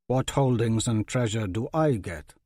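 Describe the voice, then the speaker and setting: A man voicing a defiant warrior who speaks low and steady. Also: unhurried, no echo, studio quality. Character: defiant male warrior, calm and bold.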